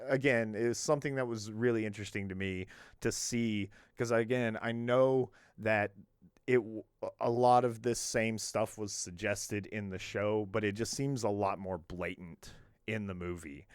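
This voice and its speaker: A man's voice: on the low side, clear, resonant tone, no room sound, studio quality. A man hosting a casual podcast, rambling with lots of fillers and chuckles, into a podcast mic. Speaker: podcast host.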